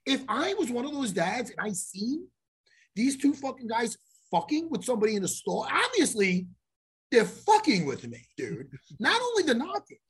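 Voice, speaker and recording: A man's voice: very high-pitched, huge pitch swings, moderate pace, slightly rough. A man telling a story on a podcast in a loose, profane way, acting out every exchange. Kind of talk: casual storytelling.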